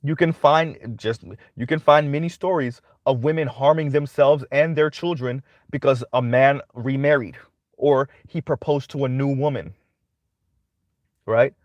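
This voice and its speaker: A man's voice: mid-range voice, unhurried, dry recording, muffled recording. A man hosting a commentary channel, giving a casual monologue that keeps checking in with "right?". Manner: conversational, repeats "right?" often.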